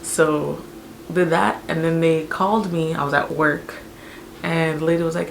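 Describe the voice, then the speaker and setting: A young woman telling a personal story in a casual, animated, chatty way, with many fillers. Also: low-pitched, unhurried, gravelly, slight background noise. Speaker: vlogger telling her birth story.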